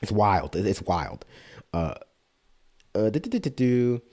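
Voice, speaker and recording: A man's voice: lowish voice, big pitch swings, measured pace, warm tone. A man streaming, reading an article aloud and breaking off for sarcastic, casual asides.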